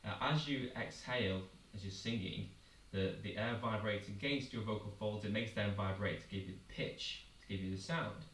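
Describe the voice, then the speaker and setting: A man teaching singers a vocal warm-up, guiding them step by step with encouraging explanations. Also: lowish voice, moderate pace. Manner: clear, encouraging step-by-step coaching with demonstrated sounds. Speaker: singing teacher. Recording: roomy echo, a little far from the mic, faint noise.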